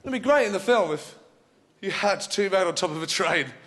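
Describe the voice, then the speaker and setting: A man doing an animated stand-up routine, acting out scenes and swearing, on a comedy club stage. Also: high voice, normal speed. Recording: live stage mic with crowd noise.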